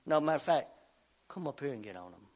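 A man preaching a sermon as pastor of a church, acting out the voices of the story and rising at times to shouts. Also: medium pitch, animated, fast. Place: church sanctuary.

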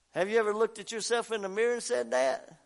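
A man preaching a fervent sermon, swinging between quiet talk and shouting. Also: sits high, creaky. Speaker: pastor.

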